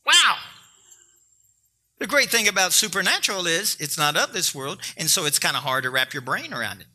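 Bright, high-voiced man preaching. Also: expressive, fast. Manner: emphatic, joking preaching that talks straight to the congregation. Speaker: pastor. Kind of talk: sermon.

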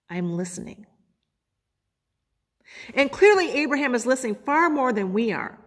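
A woman pastor preaching a sermon, quoting scripture with dramatic pauses. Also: on the high side. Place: church sanctuary. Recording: long hall reverb.

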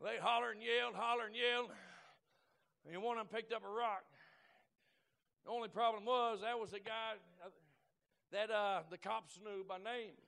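A man preaching, telling folksy stories and building up to shouted exhortation. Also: high voice, steady tone, normal speed, creaky, long pauses. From Oklahoma. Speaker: guest preacher. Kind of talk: Pentecostal preaching.

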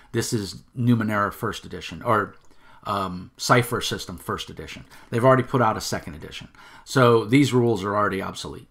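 An indignant middle-aged man rants straight to camera on his own channel. His voice sits fairly low, and he stumbles over repeated words and swears as his anger builds. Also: a bit bright. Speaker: channel host. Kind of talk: angry rant to camera.

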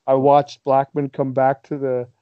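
A man, a guest on the show, telling stories in an animated way and laughing as he goes. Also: medium pitch, unhurried, clean tone, dry recording. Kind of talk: casual storytelling. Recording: dull lo-fi sound.

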